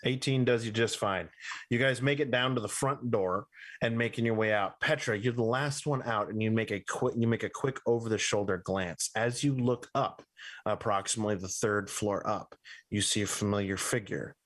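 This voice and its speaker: A man's voice: on the low side, moderate pace, fairly bright tone. A man narrating a tabletop game as game master, rambling and correcting himself with frequent fillers.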